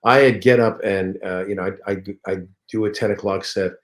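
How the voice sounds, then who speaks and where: A man, a comedian and voice actor, telling anecdotes as a guest in a casual interview, lively and animated. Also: on the low side, normal speed.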